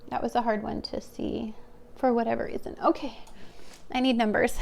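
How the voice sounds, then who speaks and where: A woman's voice: on the high side, flat delivery, fairly quick, gravelly, a little hiss or hum. A woman giving a pick-a-card tarot reading to her viewers, talking in a hesitant, searching, heartfelt way. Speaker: tarot reader.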